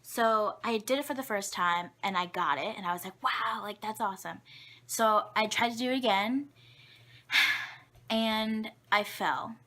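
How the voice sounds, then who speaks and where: A woman's voice: mid-range voice, measured pace, bright, forceful tone. A young woman telling childhood stories to camera in a chatty, rambling, self-mocking way. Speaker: vlogger. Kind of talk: casual storytelling to camera.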